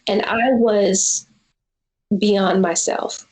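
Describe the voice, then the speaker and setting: A woman's voice: medium pitch, fairly even intonation, very slow, darkish tone, roomy sound, slight background noise, poor audio. A woman in her forties, a filmmaker being interviewed, telling a personal story in an earnest, reflective way. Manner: earnest, reflective, acts out quoted dialogue. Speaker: guest filmmaker.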